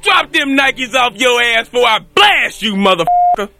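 A man's voice: extremely high pitch, sing-song, normal speed, creaky, music in the background, voice pushed up, heavily acted. A man voicing a brash, streetwise tough guy who swaggers through heavy slang.

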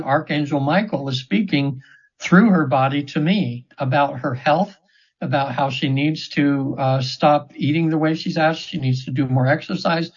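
Husky-voiced man in his seventies. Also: a little high. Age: 70s. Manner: earnest, rambling, with frequent restarts. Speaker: interview guest, trance session practitioner. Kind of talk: casual storytelling in an interview. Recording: dull, slightly lo-fi audio.

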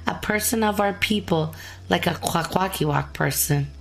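A woman's voice: fairly low pitch, moderate pace, creaky, soft background music, low-quality recording. A woman hosting, narrating short bridges and chatting casually, laughing along with her guest. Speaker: host.

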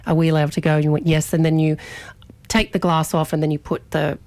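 A young adult woman radio host telling a story in an animated, chatty way, often restarting her sentences. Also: deep voice, quick pace, no echo. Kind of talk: casual storytelling chat on radio.

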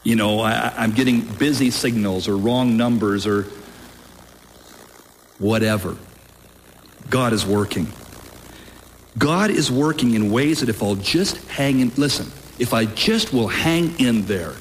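Slow emphatic male preacher. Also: slight background noise. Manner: emphatic, rising pitch on key phrases, slow deliberate delivery. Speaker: pastor. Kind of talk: sermon.

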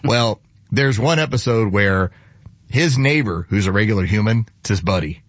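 A man's voice: fairly low pitch, lively intonation, normal speed, fairly bright tone, dry recording, highs cut off. A man hosting a talk radio show, chatting and telling stories in an amused, easygoing way from a studio. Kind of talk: casual talk radio chat.

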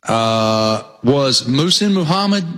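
Man, co-host, casual chat, emphatic, enthusiastic, mid pitch. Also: lively intonation, slow, a bit bright.

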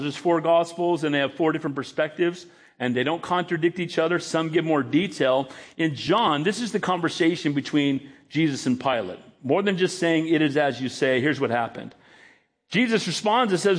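A man preaching a sermon as pastor, retelling scripture scenes with dramatic emphasis. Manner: emphatic, dramatic retelling with rising pitch on quotes.

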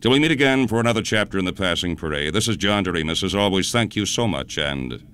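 A man hosting a radio show, telling a historical story in a measured, dramatic scripted narration. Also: low voice, lively intonation, fairly bright tone, smooth.

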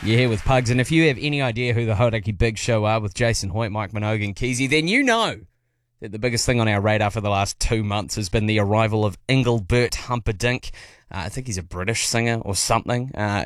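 A man hosts a radio show in a relaxed, chatty manner. His voice sits at an ordinary pitch. The studio sound is close and dry. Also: fast talker, no echo. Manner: easygoing, chatty. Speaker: radio host. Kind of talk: casual radio links. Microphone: studio mic.

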